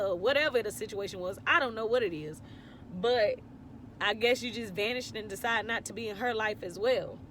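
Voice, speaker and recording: A woman's voice: fairly high pitch, a bit bright, slight background noise. Teary woman sharing faith on camera. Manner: heartfelt, tearful, rambling with many fillers. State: teary, on the verge of crying. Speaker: vlogger. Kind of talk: emotional faith testimony to viewers.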